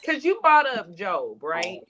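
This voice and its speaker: A woman in casual conversation, telling stories with lively acted-out dialogue. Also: medium pitch, slow pace, crowd noise. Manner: animated storyteller, acts out quoted dialogue. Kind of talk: casual chat.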